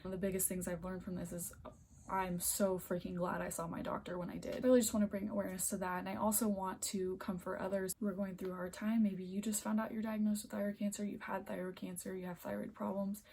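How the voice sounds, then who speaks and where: A woman's voice: medium pitch, flat delivery, fast, warm tone, a little hiss or hum. A young woman vlogging at home into a phone camera, earnest and emotional, close to tears, often dropping to a near-whisper as she rambles. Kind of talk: emotional personal vlog.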